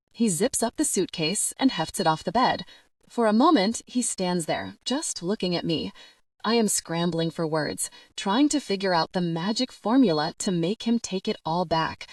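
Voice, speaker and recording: A woman's voice: on the low side, animated, normal speed, no room sound. A woman reading a romance audiobook in the first person, with an intimate, emotional telling. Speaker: audiobook narrator.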